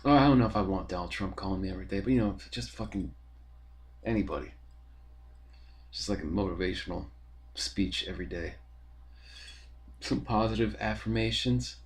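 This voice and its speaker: Rambling, cursing young man, low voice. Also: normal speed, pauses often. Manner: rambling, profane, with filler words. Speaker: podcast host. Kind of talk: casual rambling monologue.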